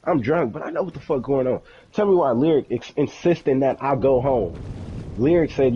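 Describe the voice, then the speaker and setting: Young male streamer, casual storyteller, profane and animated, acting out the other voices, faint background noise. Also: medium pitch, normal speed, muffled recording. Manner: animated, profane, acts out quoted dialogue.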